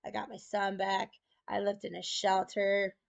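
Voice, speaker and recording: A woman's voice: mid-range voice, completely flat delivery, measured pace, creaky. A young woman telling a personal story in a chatty, casual way, often saying "I'm like". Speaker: student.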